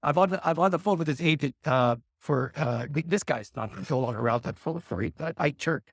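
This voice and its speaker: A man at a live conference panel rattles through a story at a quick clip. His voice sits a little high, and the sound is close and dry. He rambles and acts out the quotes as he goes. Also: dry recording. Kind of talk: casual anecdote on a panel.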